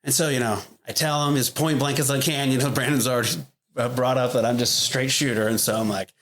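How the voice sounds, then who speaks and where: A blunt middle-aged man talks candidly as a podcast guest. His voice sits at an ordinary pitch, and he swears freely. He fills his sentences with "like" and "you know" as he tells the story. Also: fast talker. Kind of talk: candid interview talk.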